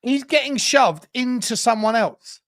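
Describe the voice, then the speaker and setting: A man co-hosting a live match watchalong, reacting loudly with exasperated, sweary outbursts. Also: very high voice, unhurried. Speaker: watchalong co-host.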